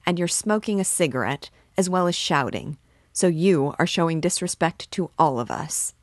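A woman's voice: fairly low pitch, lively intonation, normal speed, no room sound, studio quality. A woman reading as a feverish, defiant young student.

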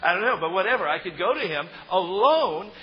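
Emphatic preacher, reverberant hall. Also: male voice, sits high, animated, a little fast. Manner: emphatic, rising to loud stresses on key words. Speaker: pastor. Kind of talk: sermon. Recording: muffled sound in a reverberant hall.

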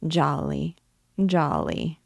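A woman reading the part of a shy, grave young dancer girl, speaking quietly. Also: deep voice, steady tone, measured pace, vocal fry, no room sound.

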